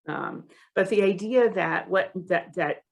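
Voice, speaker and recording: A woman's voice: medium pitch, measured pace, vocal fry. A woman co-hosting a podcast, talking in a thoughtful, hesitant way with many fillers in a casual discussion.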